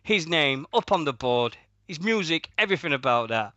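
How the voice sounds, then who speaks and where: Bright-voiced British man, swearing banter. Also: on the high side, big pitch swings, normal speed, dry recording, highs cut off. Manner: swearing, rambling, laughs at own stories. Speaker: radio show co-host. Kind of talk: casual podcast banter.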